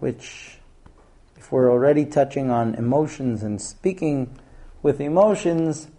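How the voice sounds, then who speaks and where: A man teaching a class, explaining his points with examples and acting out scenes. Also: mid-range voice. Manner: animated, acts out scenes in different voices. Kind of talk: lecture to a class.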